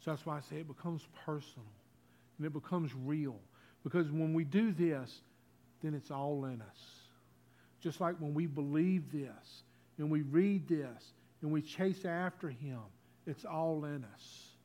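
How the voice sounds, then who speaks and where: A man preaching a communion sermon in a church. He talks in a folksy way, leads the congregation in call-and-response, and swings between loud and hushed. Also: a little high, a little slow. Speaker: pastor.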